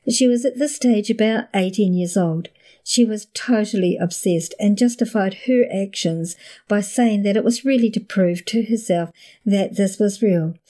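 A woman host narrating a documentary-style story in a measured, scripted delivery. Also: mid-range voice, dark tone.

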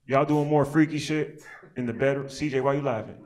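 A man's voice: mid-range voice, fairly even intonation, fairly quick. A young American man doing stand-up comedy at a small live show. He talks loose and slangy, riffs on the crowd and laughs at his own jokes. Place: small outdoor alley show with an audience.

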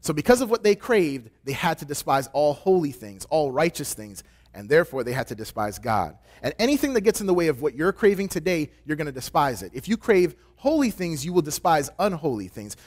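A man delivering a sermon as a pastoral intern, conversational and joking, acting out quoted voices with big swings in pitch. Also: big pitch swings, fairly quick, few pauses, darkish tone.

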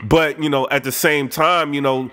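A chatty man runs his commentary channel in a casual, looping way, always circling back with little asides. His voice sits a touch high, with a bright, forward edge. He stays loose and conversational. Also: steady tone, normal speed. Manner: loose and talkative, with frequent filler asides; heated when reading out quotes. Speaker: battle rap commentary channel host.

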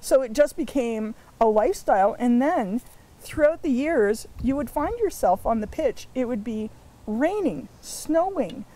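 A woman from Canada, a ladies team player, chatting in an interview and telling stories in an animated way. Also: a little high, measured pace, poor audio.

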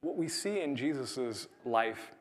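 A man pastor, preaching a sermon in a conversational way and dropping to a hush for quoted words. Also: mid-range voice, animated, slow pace. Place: church.

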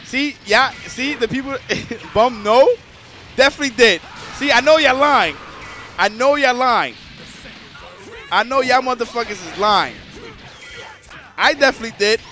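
A man's voice: very high-pitched, lively intonation, a little slow, pauses often, pushed and bright, soft background music. A man casually commentating a live stream, joking crudely and talking straight to the chat.

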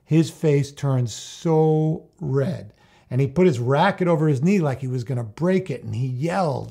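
Gravelly, mellow-voiced male storyteller. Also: medium pitch. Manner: calm, measured, unhurried storyteller. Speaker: tennis coach. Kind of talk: storytelling narration.

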